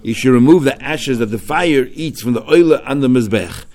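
A man's voice: mid-range voice, moderate pace, darkish tone. A man teaching a religious text passage, mixing Hebrew and Aramaic study terms into English and asking himself questions before answering them. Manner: asks himself questions and answers them, rising sharply on key points. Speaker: Talmud teacher.

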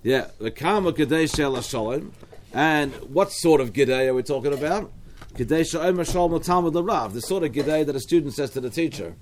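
A man's voice: on the high side, lively intonation, fairly quick, a little hiss or hum. A man with an Australian accent teaching a Talmud study class, explaining step by step with frequent restarts and asides.

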